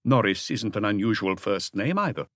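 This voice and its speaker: A man's voice: lowish voice, animated, moderate pace, fairly bright tone, no echo, clean studio sound. A man voicing a young male diplomat with a strong Dutch accent, formal, starchy and guarded.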